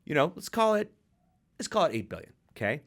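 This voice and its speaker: A man's voice: a little high, big pitch swings, a little fast, fairly bright tone. A man hosting a casual podcast, talking in an enthusiastic, jokey way.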